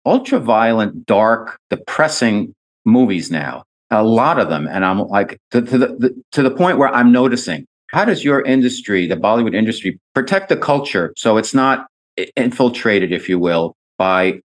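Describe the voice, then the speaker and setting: A man's voice: lowish voice, sing-song, normal speed. A man from New Jersey hosting an interview, asking long, rambling questions with curiosity. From New Jersey, USA. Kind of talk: conversational interview.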